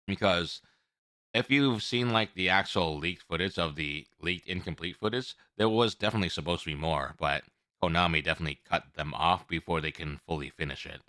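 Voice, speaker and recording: A man's voice: low-pitched, fairly quick, no room sound, clean studio sound. A man streaming and chatting casually, rambling and talking with his mouth full. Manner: rambling, animated, eating while talking.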